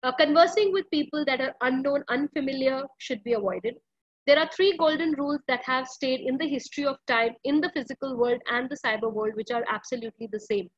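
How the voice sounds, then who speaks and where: A woman with a high voice speaks briskly to parents during an online school workshop on parenting held by video call. She's earnest, frequently pleading, and fills her speech with fillers; the audio is dull with no echo.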